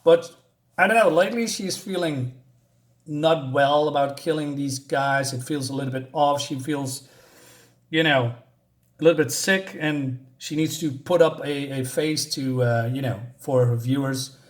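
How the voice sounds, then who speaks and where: Male comic reviewer, casual, rambling, slightly high voice. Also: measured pace. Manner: rambling, many fillers and restarts, chuckles.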